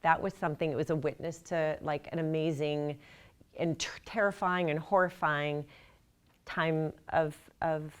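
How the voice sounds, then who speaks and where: A woman's voice: sits low, fairly even intonation, unhurried, clear, resonant tone. A middle-aged woman author giving a casual, chatty talk to a library audience, self-deprecating and laughing at her own jokes. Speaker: author speaking at a library event.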